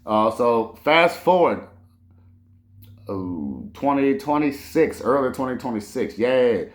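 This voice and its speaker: A man's voice: medium pitch, slow, reverberant. A man hosting a casual commentary monologue, swearing freely and rambling through restarts. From New Orleans. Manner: animated, profane, rambling with restarts. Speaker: host.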